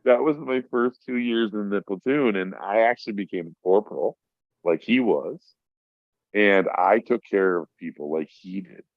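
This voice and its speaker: Middle-aged male podcast guest, deep voice, rambling war-story teller, swears freely, dry lo-fi sound. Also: moderate pace, no echo. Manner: profane, rambling, acts out voices in his stories. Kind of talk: casual storytelling. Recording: dry, dull lo-fi audio.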